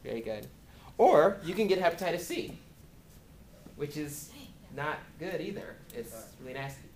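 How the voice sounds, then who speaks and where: A man answering student questions in casual talk at a university, animated and acting out quoted dialogue from his own stories. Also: a little high, normal speed, slight background noise. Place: university lecture room.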